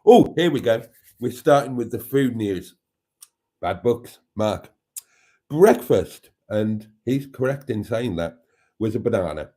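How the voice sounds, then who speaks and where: Man, live-stream host, unhurried delivery, warm mellow tone, chatty and rambling. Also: on the low side, animated. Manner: chatty, rambling, reads viewer comments aloud. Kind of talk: casual live-stream chat.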